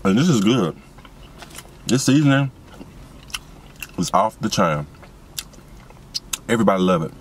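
Young man, low voice, excited and rambling, phone recording in a parked car, faint traffic hum. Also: unhurried, pauses often. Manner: excited, rambling, talks straight to viewers. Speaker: vlogger and seasoning business owner. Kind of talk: casual car vlog while eating.

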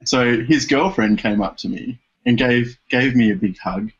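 A man's voice: medium pitch, a little slow, breathy edge. A man with dry humour, telling a story as a guest on a casual podcast. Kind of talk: casual interview chat. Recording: dull lo-fi podcast audio.

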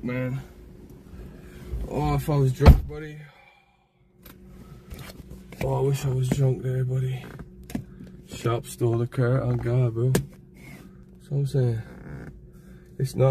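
A man livestreams from a city street, rambling and swearing as he reacts to everything around him. He sounds high and paranoid, and the phone audio picks up clear street noise under his mid-pitched voice. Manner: profane, rambling, agitated. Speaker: IRL livestreamer. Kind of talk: live street streaming.

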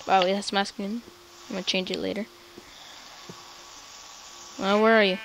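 Goofy excitable woman gaming host. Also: medium pitch, unhurried, a little hiss or hum. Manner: goofy and excitable, bursts into sing-song chants. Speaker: let's play host. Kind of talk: casual gameplay chat.

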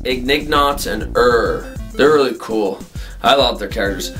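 A man's voice: medium pitch, measured pace, a bit bright, soft background music. A man hosting his own comedic vlog in a casual, goofy way, laughing often between lines. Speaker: vlog host.

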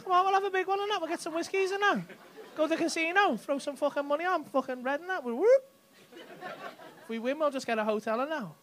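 A man's voice: very high voice, fast, fairly bright tone, a little hiss or hum. A man doing stand-up crowd work, cheeky and teasing, swearing freely as he chats with people in the audience on a club stage. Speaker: stand-up comedian. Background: faint audience laughter.

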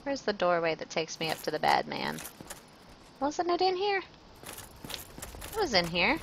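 Woman game streamer, self-mocking chatter, bright voice, faint hiss behind. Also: lowish voice, wildly swooping pitch, a little slow, creaky, poor audio. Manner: chatty and self-mocking, greeting chat viewers. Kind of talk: casual gameplay commentary.

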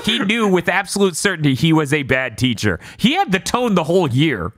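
A man hosting a podcast, telling stories in casual chat, blunt and quick to swear. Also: fairly high pitch, sing-song, a bit bright, dry recording, studio quality. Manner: storytelling, blunt, swears freely. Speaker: podcast host.

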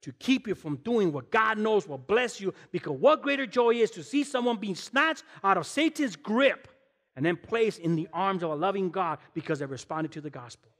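High-voiced preacher in a reverberant church. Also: male voice, normal speed. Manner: animated and emphatic, asks rhetorical questions, slips in casual slang. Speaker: guest pastor. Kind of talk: sermon. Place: church sanctuary. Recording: long hall reverb in a church.

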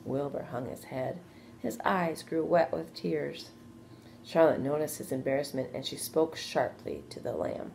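Lady teacher reading a kids' book aloud, low warm voice, faint noise behind. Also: lively intonation, measured pace, gravelly. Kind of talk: storybook read-aloud.

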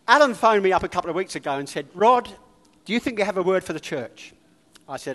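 A man giving an informal sermon, telling a personal story in a conversational, animated way. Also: high-pitched, normal speed. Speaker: lay preacher. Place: church. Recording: church hall reverb.

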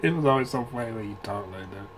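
Talking fast in a fairly low voice over a bit of hiss or hum, a man hosts a reaction video. He rambles casually, swears freely, and laughs often as his sentences wander and restart.

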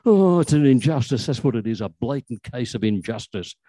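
A man's voice: mid-range voice, lively intonation, brisk, warm tone, no room sound, lightly acted. A man voicing a young male convict who complains and sputters in indignation. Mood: indignant.

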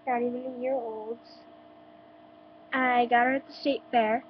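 A woman's voice: on the high side, little pitch movement, measured pace. A teenage girl with a stuffy nose from being sick, chatting at home in a casual vlog full of likes and ums. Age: teens. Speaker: vlogger. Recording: dull lo-fi webcam with hum.

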